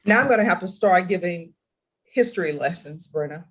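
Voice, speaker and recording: A woman's voice: on the low side, lively intonation, normal speed, fairly bright tone, rough recording. A woman judge conducting a formal court hearing over video, firm and corrective in manner.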